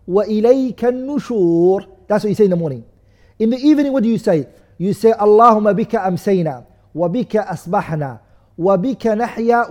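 A man's voice: high voice, dark tone. A man teaching a lesson. He asks the class questions, answers them himself, and recites set phrases as he goes. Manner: recites phrases in another language. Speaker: teacher of a study course. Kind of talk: classroom lesson explaining texts. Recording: long reverb of a large hall.

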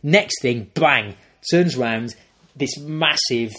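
A young man, a podcast co-host, casually retelling a film plot in a rambling, animated way and acting out the characters. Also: medium pitch, slow.

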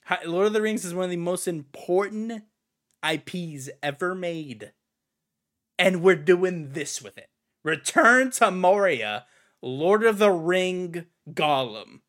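A man's voice: high-pitched, expressive, slow, a bit bright. A man co-hosting a casual gaming podcast, ranting in an exasperated way and swearing now and then. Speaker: podcast co-host.

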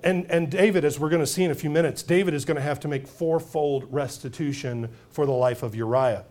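A man preaching a sermon as pastor, swinging between hushed asides and loud, emphatic points. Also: fairly high pitch, a little fast, few pauses.

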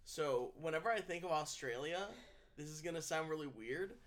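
A woman co-hosting a casual podcast in a very low voice. She needles her partner with dry, teasing remarks. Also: animated, normal speed. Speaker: podcast co-host. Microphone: studio microphone.

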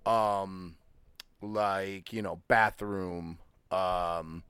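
A man's voice: low voice, fairly even intonation, extremely slow, a bit bright, smooth, dry recording. A young man from Michigan co-hosting a podcast, joking and swearing through loose banter. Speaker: podcast co-host. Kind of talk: casual chat.

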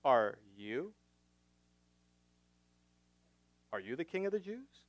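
A man's voice: medium pitch, a little slow, dry recording, highs cut off, lightly acted. A man voicing a stern Roman governor questioning a prisoner in a sermon. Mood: probing. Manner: probing, repeated questions.

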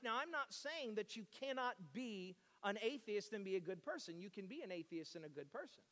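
A man with a very high, light voice delivers a sermon in an animated way, swinging from loud declarations to near-hushed asides. The sound carries a long reverb, as if it were recorded in a large church hall. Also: brisk, hardly any pauses. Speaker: pastor.

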